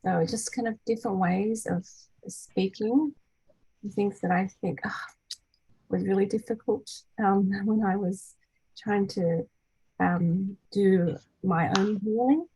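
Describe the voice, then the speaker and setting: A woman's voice: medium pitch, slightly rough, no echo, rough recording. A woman in her thirties hosting a casual group call, chatty, with many fillers and restarts. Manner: acts out quoted voices brightly. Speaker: meeting host, energy healer.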